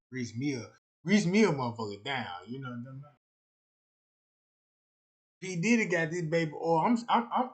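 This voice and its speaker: A young man rambling through a crude comic livestream rant, boastful and repeating "you know what I'm talking about.". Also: a little high.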